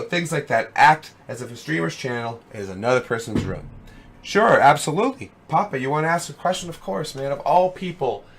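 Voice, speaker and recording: Hoarse young man rambling on a live stream. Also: medium pitch, a bit bright. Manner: rambling, fillers of "you know what I mean"; chummy, calls viewers dude and brother. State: hoarse, losing his voice. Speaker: streamer hosting a web show. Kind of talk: casual live-stream chat. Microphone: headset.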